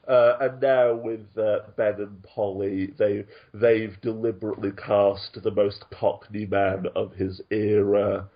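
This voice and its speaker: A man's voice: fairly low pitch, little pitch movement, slow pace, lo-fi sound. A man co-hosting a casual podcast chat over an online call, laughing often and restarting his sentences. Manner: chatty, laughs often, frequent ums and restarts. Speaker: podcast co-host.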